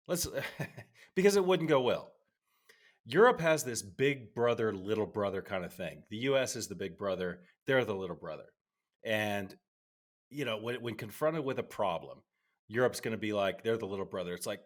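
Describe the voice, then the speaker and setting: A middle-aged man co-hosting a podcast, ranting in an animated way and slipping into mock voices. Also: lowish voice, normal speed. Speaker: podcast co-host. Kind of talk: casual podcast chat.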